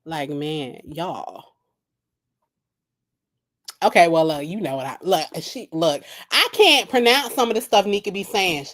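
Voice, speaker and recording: A woman's voice: lowish voice, lively intonation, unhurried, long pauses, fairly bright tone. A woman hosting a late-night live reaction stream, blunt and profane, laughing at her own jokes. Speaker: reaction video host. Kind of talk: casual live reaction commentary. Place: home at night.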